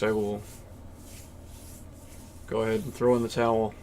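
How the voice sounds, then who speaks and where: Deep-voiced male chess player, thinking aloud mid-game, glum and self-critical. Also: flat delivery, moderate pace, a little mellow, a little hiss or hum. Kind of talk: thinking aloud while playing online chess.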